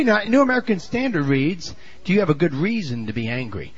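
Guy preaching a folksy sermon, kinda high voice, goes quiet then shouty. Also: very animated, fairly quick, breathy edge, dull audio. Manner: folksy storytelling, swinging from low asides to shouted emphasis.

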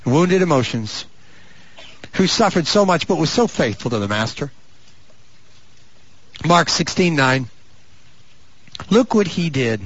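A pastor preaching a sermon with a husky, rather high voice that swoops constantly. He climbs into drawn-out fervent shouts and drops into mock voices for his asides. The recording is muffled and lo-fi. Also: sing-song. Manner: rising to fervent, stretched-out shouts.

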